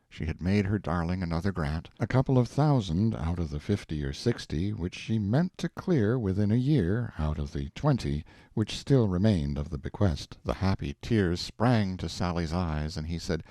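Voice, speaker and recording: A man reading a classic story aloud in a measured, expressive way. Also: low-pitched, no room sound, studio quality. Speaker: audiobook reader. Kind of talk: scripted narration of a classic story.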